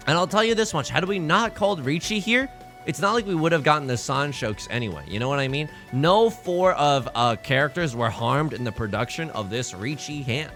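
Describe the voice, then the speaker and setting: Animated, bright-voiced joking male streamer. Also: mid-range voice, fairly quick, faint music behind. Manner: jokey, theatrical and self-mocking. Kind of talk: casual live-stream game commentary.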